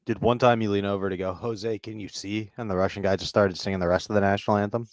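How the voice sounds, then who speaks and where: Deadpan co-host with a dry sound. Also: male voice, lowish voice, racing, dry recording. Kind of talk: casual chat.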